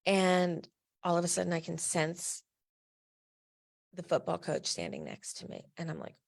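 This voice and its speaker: A woman's voice: on the low side, very animated, unhurried, vocal fry. A middle-aged woman from New Jersey, a patient advocate and founder, tells a personal story in a candid, emphatic way with blunt asides.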